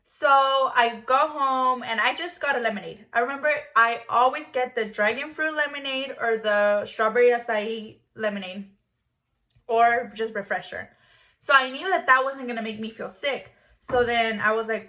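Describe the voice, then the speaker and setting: A woman's voice: on the high side, normal speed, sharp tone. A young woman in her twenties telling a personal story in a vlog, blunt and stuttering, with plenty of swearing. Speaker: vlogger.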